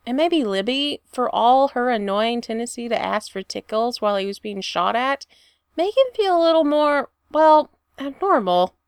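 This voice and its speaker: A woman reading a fan fiction story aloud with expressive storytelling. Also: fairly high pitch, moderate pace, clear, resonant tone, no room sound, studio quality. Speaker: reader.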